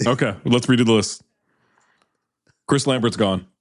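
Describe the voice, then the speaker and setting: A man's voice: mid-range voice, normal speed. A man co-hosting a podcast in casual chat, blunt and given to crude jokes. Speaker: podcast co-host.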